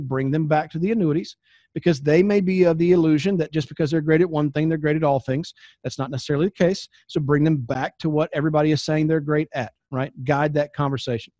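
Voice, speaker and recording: A man giving blunt, animated coaching advice, often restarting his sentences and acting out little exchanges. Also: a little high, no echo. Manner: frequent restarts and repeated words. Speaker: business coach. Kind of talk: instructional talk to camera.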